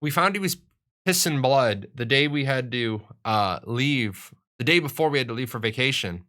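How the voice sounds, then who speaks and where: Young male streamer, bright and forceful tone, rambling self-joking chat at a desk mic. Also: mid-range voice, expressive, normal speed. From United States. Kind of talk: casual live-stream chat.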